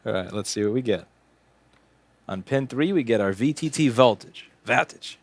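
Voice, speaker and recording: A man's voice: medium pitch, animated, moderate pace, dry recording. A man in his late twenties, hosting a casual livestream while doing repair work, chatting in a sarcastic, joking, rambling way. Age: late 20s. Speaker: repair technician and stream host.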